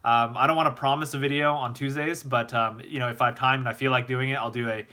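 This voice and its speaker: Bright-voiced man hosting a live Q&A. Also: medium pitch, fairly even intonation, fast talker. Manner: rambling with fillers and repeated words, reads chat messages aloud. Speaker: host. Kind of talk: live stream Q&A, casual advice.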